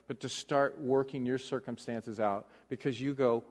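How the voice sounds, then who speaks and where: A male pastor giving a conversational sermon, moving between hushed talk and loud emphasis. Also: mid-range voice, fairly even intonation, moderate pace, few pauses, big-room sound.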